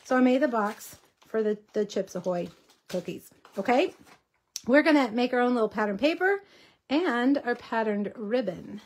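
A chatty woman with a slightly high voice hosts a casual craft tutorial livestream. She talks viewers through each step and banters with them as she works. A slight cough lingers in her voice. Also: animated, normal speed. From Texas. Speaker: host.

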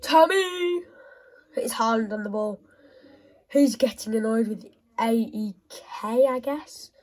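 A woman giving excitable commentary while playing a football video game, often shouting and squealing at the match. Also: a little high, unhurried, rough recording. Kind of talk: gaming commentary.

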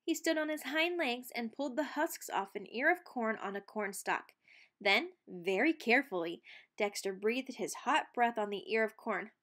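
A woman reading a children's picture book aloud, expressive and playful with sound words. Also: on the high side, moderate pace. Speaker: read-aloud narrator.

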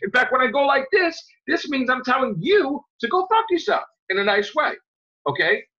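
Angry guy podcast host, bright husky voice swinging all over, cussing a lot, dull lo-fi audio. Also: very high voice, big pitch swings, moderate pace. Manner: heated, profane, jumps to loud outbursts. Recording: dull lo-fi sound.

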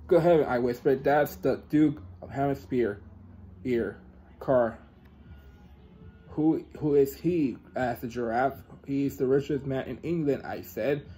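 A man's voice: mid-range voice, warm tone, slight background noise, poor audio. A man reading a children's book aloud, stumbling and restarting words as he goes. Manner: halting, with frequent restarts and self-corrections. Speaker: reader.

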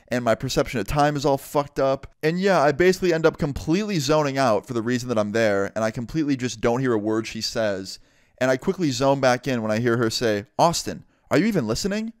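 A man's voice: medium pitch, smooth, no room sound, studio quality. A young man casually telling a story-time vlog, swearing freely and acting out the people in it. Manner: casual, swears a lot, acts out every voice. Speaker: vlogger.

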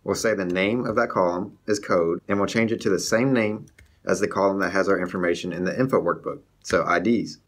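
A young man hosting a coding tutorial, explaining each step of a script in a steady walkthrough over his screen. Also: low voice, fairly quick.

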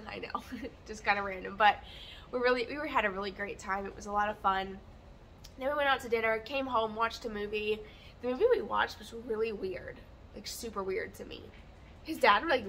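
A woman vlogging her day in a rambling, chatty, candid way, relaxed, with fillers and light laughs. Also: on the high side, slight background noise. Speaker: lifestyle vlogger. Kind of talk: chatty day-in-the-life vlog.

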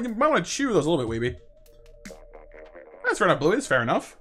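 A man streaming a game with viewers, chatting casually, stumbling over and repeating words, and now and then yelping in high excitement. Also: quick pace, soft background music. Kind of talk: casual live-stream chat over gameplay.

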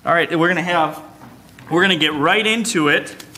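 A man hosting a church service as song leader, making announcements in a playful, teasing way with quick joking asides. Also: on the high side, bright, forceful tone, slight background noise. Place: church sanctuary, streamed online.

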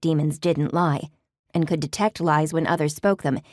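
A woman narrating an audiobook in the first person, in a measured, even storytelling manner. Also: deep voice, no room sound, studio quality. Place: recording booth. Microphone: close studio mic.

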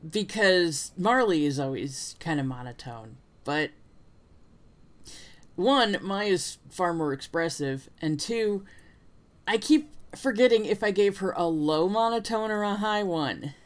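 A man's voice: high voice, animated, takes it slowly. A man hosting a casual let's play, chatting about the game in a self-deprecating way. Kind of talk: casual gameplay commentary.

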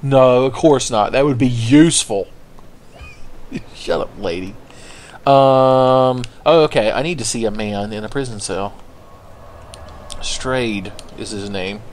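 A man's voice: mid-range voice, slow, long pauses. A man hosting a let's play, giving crude, playful gameplay commentary full of swearing and jokes. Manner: crude joking, profane, playful.

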